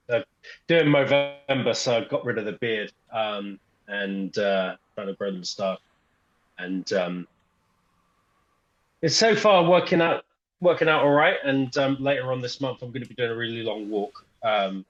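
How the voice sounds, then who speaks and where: Relaxed man on dull call audio. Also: on the low side. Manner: relaxed, halting with fillers. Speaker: podcast co-host. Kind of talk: casual podcast chat. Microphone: video call.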